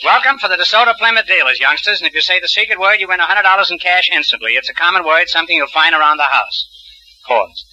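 A man's voice: high-pitched, lively intonation, fast, pushed and bright, poor audio. An older man hosting a quiz show, teasing his contestants with wry puns and quips. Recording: hissy 1950s radio broadcast.

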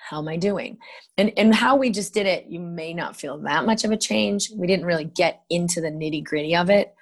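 Woman guiding a calm tapping exercise. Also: fairly low pitch, a little fast. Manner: soothing guided instructions with lively asides. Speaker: practitioner guest. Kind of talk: guided tapping exercise in a podcast interview. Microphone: podcast microphone.

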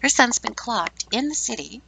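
A woman's voice: fairly high pitch, expressive, moderate pace, gravelly, background noise. A woman in her fifties hosting a podcast, giving blunt, sarcastic opinions in a casual, chatty monologue. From Canada. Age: 50s. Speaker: podcast host.

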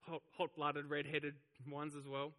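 A pastor preaches in a big-sounding room, his fairly high voice bright and forceful yet completely flat in delivery and unhurried. He animates the sermon's story by voicing the crowd.

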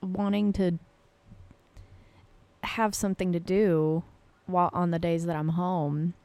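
A woman's voice: lowish voice, flat delivery, slow pace, dark tone, no room sound. A woman co-hosting a casual home podcast, chatty and giggly, rambling through everyday stories. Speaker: podcast co-host. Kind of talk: casual chat.

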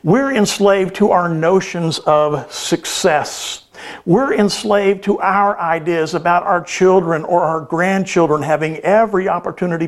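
A man's voice: sits high, darkish tone. A male pastor preaching a sermon, telling a story earnestly with hesitant restarts.

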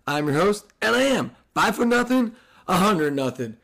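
Hoarse, excitable podcast host man. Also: high voice, normal speed. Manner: excitable, profane, rambling with restarts. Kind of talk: casual sports podcast chat.

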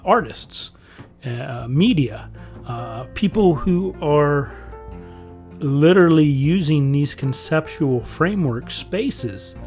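A man's voice: medium pitch, darkish tone. A man talking in a rambling, conversational monologue as a podcast host, chuckling often as he goes. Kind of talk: casual monologue.

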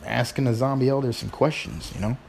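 A man's voice: medium pitch, fairly quick, creaky, darkish tone, a little hiss or hum. A middle-aged man hosting his show in casual chat, rambling informally with sighs and restarts. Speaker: podcast host.

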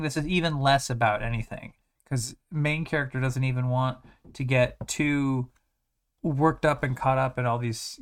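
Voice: mid-range voice, a bit bright. An anime reviewer talking casually, rambling with many restarts and sarcastic asides.

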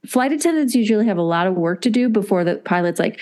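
A woman co-hosting a podcast, chatting casually and telling a travel story with lively acted-out voices for the people in it. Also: mid-range voice, fast talker. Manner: animated storyteller acting out quoted voices. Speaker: podcast co-host. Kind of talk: casual chat.

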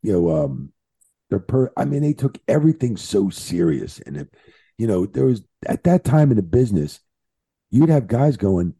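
A man with a low, gravelly voice and a dark, husky tone tells wrestling road stories on a podcast. His pitch swings widely as he works through profane, animated anecdotes. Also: normal speed, no room sound. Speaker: guest, veteran wrestling referee. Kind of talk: casual podcast storytelling.

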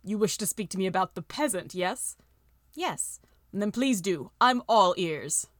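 A woman's voice: expressive, measured pace, no echo, studio quality, lightly acted. A woman reading Alexei, haughty rich landowner. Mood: jovial. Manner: booming, amused and condescending. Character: haughty wealthy male Russian landowner.

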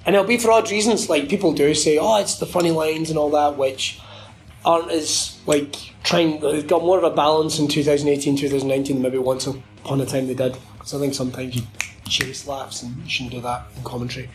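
A man's voice: on the high side, fairly even intonation, fairly quick, soft background music, poor audio. A man who works as a wrestling commentator, chatting casually and rambling, often swearing and laughing. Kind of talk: casual podcast interview.

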